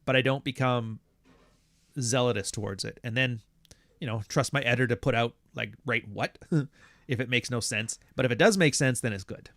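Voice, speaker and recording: A man's voice: medium pitch, moderate pace, fairly bright tone, no room sound, studio quality. Blunt, profane man hosting a livestream. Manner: blunt, profane, rambling, acts out other people's voices. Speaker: livestream host reading super chats. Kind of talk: casual live-stream talk.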